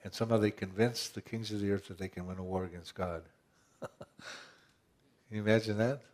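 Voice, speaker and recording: Man, pastor, sermon, conversational, rhetorical questions, restarts, lowish voice. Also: steady tone, moderate pace, a little mellow.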